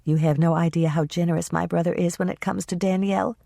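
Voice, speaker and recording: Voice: medium pitch, steady tone, quick pace, vocal fry, mellow, no echo, studio quality, close to an everyday voice. An audiobook narrator voicing Mary Ann, a woman gossiping in a confiding way.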